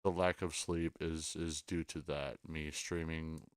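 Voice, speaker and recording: A man hosting a casual late-night podcast chat, tired and a little drunk, repeating himself and trailing off quietly. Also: extremely low pitch, little pitch movement, unhurried, clean tone, no echo, clean studio sound. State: sleep-deprived and tipsy. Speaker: podcast host.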